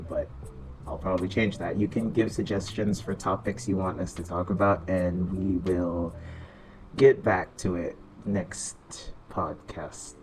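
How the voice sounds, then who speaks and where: A man's voice: low voice, low-quality recording. A man hosting a casual podcast chat, loose and laughing, swearing freely. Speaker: podcast host. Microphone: online voice chat.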